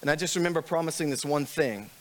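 A man's voice: on the high side, lively intonation, fast. A man preaching a sermon as pastor, talking candidly and conversationally with frequent restarts, building to emphatic questions.

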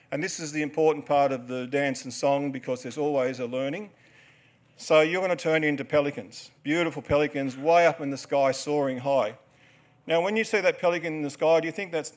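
An Australian man in his forties talks to a live audience from a stage, his voice sitting a touch high for a man. He tells a story, cracks jokes and coaches the people up front through a dance. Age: 40s. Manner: joking, storytelling, instructing a crowd. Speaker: dancer and performer.

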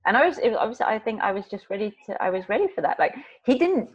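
Speaking very fast in a medium-pitched voice with a breathy edge, a woman animatedly recounts a personal story in casual talk, full of restarts and fillers and acted-out voices. The audio sounds slightly muffled.

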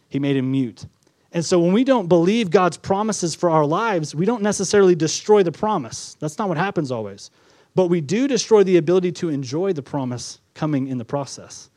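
Male pastor preaching a sermon, higher-pitched voice, dry close sound, repetitive emphatic delivery. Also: dry recording. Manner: preaching with repetition, rising to emphatic then dropping soft.

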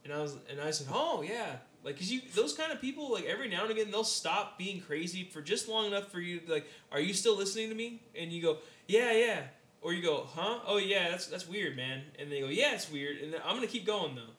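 In an echoey room, a young man with a high-sitting voice rattles through a rambling story in casual chat, barely pausing. He's animated and acts out what people said.

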